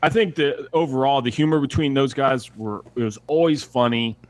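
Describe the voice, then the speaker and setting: A man's voice: mid-range voice, moderate pace. Man talking casually with many fillers. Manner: rambling, hesitant, many fillers. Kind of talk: casual movie discussion.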